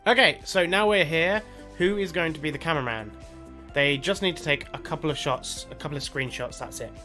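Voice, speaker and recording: A man's voice: on the high side, brisk. A man in a pre-recorded message, giving cheeky, profane instructions as the show's videographer. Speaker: resident videographer. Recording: played-back recording with music behind.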